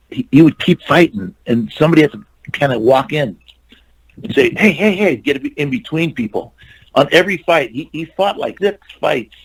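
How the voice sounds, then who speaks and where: Older male stuntman guest, husky and gravelly, spinning loose anecdotes with quoted lines. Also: mid-range voice, low-quality recording. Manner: rambling anecdotes with restarts and quoted dialogue. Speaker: interview guest, stuntman and actor. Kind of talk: casual storytelling.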